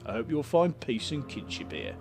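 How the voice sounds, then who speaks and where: A man voicing a big, bearded, calm male station councillor from a video game, with a Cockney accent, clipping words like 'em. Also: medium pitch, moderate pace, vocal fry, soft background music. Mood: calm, welcoming. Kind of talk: reading game dialogue aloud.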